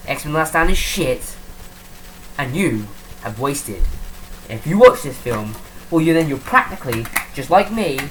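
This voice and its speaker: A woman's voice: sits low, sing-song, unhurried, long pauses, a bit bright, a little hiss or hum, rough recording. A woman giving a profane, rambling, mocking comedic film review.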